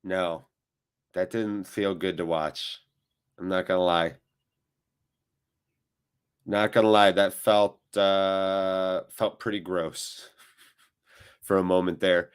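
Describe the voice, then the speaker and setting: A man hosting a live football watchalong, commentating on the match and chatting with viewers, with loud reactions to big moments. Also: lowish voice, fairly even intonation, a little slow, long pauses, clean tone. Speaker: watchalong host.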